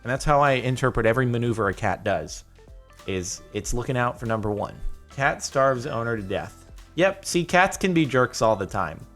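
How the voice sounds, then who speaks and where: A man hosting a casual video reaction, chatty and quick to laugh. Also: mid-range voice, lively intonation, fairly bright tone, soft background music. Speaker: YouTube host.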